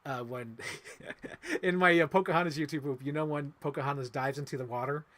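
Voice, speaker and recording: On a film review podcast, a co-host with a slightly high, somewhat bright voice talks briskly. He chats casually about movies, wandering off on tangents with lots of feeling and frequent fillers.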